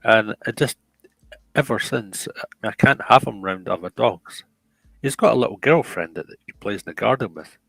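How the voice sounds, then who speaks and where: A middle-aged man talks in a loose, rambling way, restarting his sentences often. His voice is low and gravelly. The sound is dry and close. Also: a bit bright, no room sound, rough recording. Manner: rambling, halting, many restarts. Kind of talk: casual chat.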